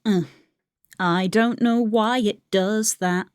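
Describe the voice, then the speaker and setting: A woman's voice: mid-range voice, fairly even intonation, slow, smooth, no room sound. Chatty woman streamer, dry close sound. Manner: rambling, chatty, laughs often. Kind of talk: casual chat while drawing on stream.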